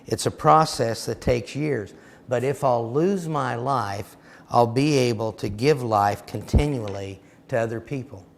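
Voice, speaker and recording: A man's voice: mid-range voice, a little slow, gravelly, a little hiss or hum. A man teaching a sermon seminar, telling stories and speaking in an emphatic, direct way. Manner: recounts dialogue, emphatic and direct. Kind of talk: storytelling sermon.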